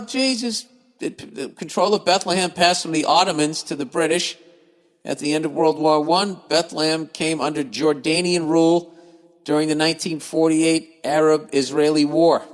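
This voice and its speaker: Fired-up profane man with high-ish voice. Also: steady tone, measured pace, big-room sound. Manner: profane, exasperated, sarcastic. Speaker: podcast host. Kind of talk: reading listener emails and ranting comedically.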